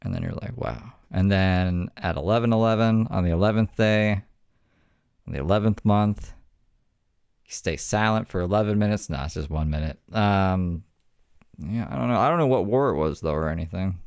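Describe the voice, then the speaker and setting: A man's voice: low voice, moderate pace, a little mellow, clear, resonant tone, no room sound, studio quality. A man hosting in a casual, rambling commentary style, swearing and mocking himself. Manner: rambling, profane, self-mocking. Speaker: host.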